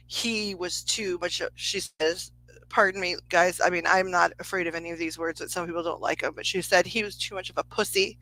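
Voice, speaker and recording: A woman's voice: fairly low pitch, sharp tone, poor audio. A woman psychic medium telling a story in a casual livestream reading, chatty, laughing often and swearing freely.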